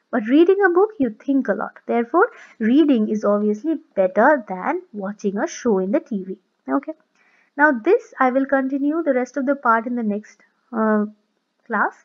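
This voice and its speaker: A woman with an Indian English accent teaching a poetry lesson, emphatic, repeating and rephrasing her points and asking rhetorical questions. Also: high-pitched. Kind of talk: classroom lesson explaining a poem. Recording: slightly muffled lo-fi sound.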